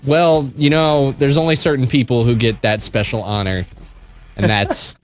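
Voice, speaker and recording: A man hosting a casual gaming show, chatty and animated, with quick asides. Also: mid-range voice, faint music behind. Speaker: stand-in host.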